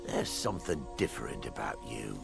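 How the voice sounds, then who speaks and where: An actor voicing a hungry demonic soul-eater who sounds gravelly and speaks in a slow, sinister, gloating way. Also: male voice, a bass voice, sing-song, over music, exaggerated voice.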